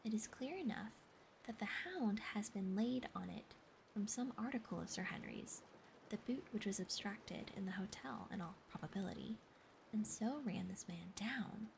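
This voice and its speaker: A woman in whispered role-play, reading the lines of a calm, reasoning Victorian male detective in a hushed storybook voice. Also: mid-range voice, vocal fry, a little hiss or hum, low-quality recording. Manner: whispered, measured deduction.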